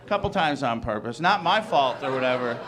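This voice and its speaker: A man in his thirties performing a stand-up comedy set, talking conversationally and acting out quick incredulous bits of dialogue. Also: mid-range voice, expressive, a bit bright. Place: comedy club stage.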